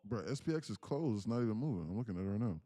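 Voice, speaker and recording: A man's voice: fairly low pitch, lively intonation, racing, dark tone, dry recording. A man live-streaming his day trades, talking casually to his chat and breaking into laughter.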